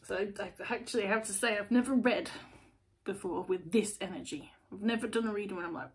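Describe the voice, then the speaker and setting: A woman giving a casual, chatty tarot reading to camera as host, blunt and animated. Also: mid-range voice, brisk. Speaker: tarot reader, channel host.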